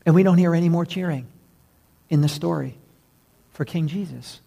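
A man preaching a sermon, emphatic, his voice dropping low and quiet on key words. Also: normal speed, gravelly, slightly rough. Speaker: pastor.

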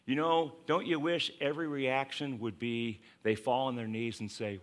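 A man's voice: mid-range voice, normal speed, few pauses. A man preaching a conversational sermon to his congregation, acting out scripture quotes and laughing along the way. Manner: acts out scripture quotes in voices. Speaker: pastor.

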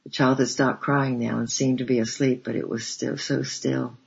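A man narrating a storybook in a measured, steady reading voice. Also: mid-range voice, vocal fry, breathy edge. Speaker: audiobook narrator. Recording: dull lo-fi recording.

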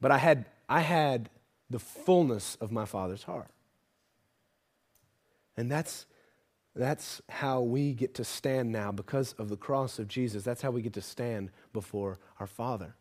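A man preaching a sermon to a congregation, moving between quiet intimate asides and loud emphatic passages, often asking the audience rhetorical questions. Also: medium pitch, measured pace.

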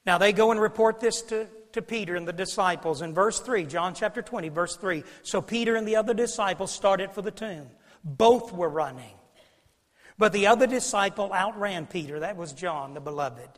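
A man preaching a sermon as pastor, emphatic and preacherly, swinging from loud declarations to low, intimate asides. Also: moderate pace. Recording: long reverb of a large hall.

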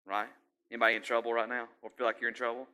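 Guy preaching, bright voice, chatty, keeps asking the crowd stuff then gets loud. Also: mid-range voice, flat delivery, rapid-fire, clear, resonant tone. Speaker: pastor. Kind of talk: sermon.

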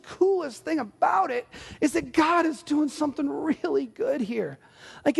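A male pastor preaching a sermon in an earnest, conversational way with animated asides. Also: extremely high pitch, gravelly. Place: church sanctuary. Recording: long church hall reverb.

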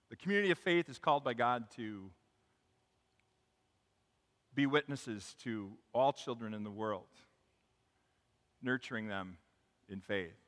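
Pastor guy, fairly high and bright, chatty and upbeat, church hall with a long echo. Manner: conversational, upbeat, tells jokes and stories. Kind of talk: sermon. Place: church sanctuary.

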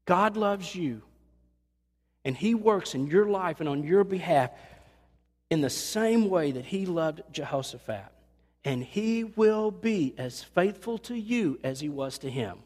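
A man preaching in a church, talking to his congregation in an earnest, conversational way and slipping into voices when he quotes someone. His voice sits a little high, and it carries a long reverb from the hall around him. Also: animated, slow pace, darkish tone. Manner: earnest, conversational, acts out quotes with rising pitch. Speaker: pastor. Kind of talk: sermon. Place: church sanctuary.

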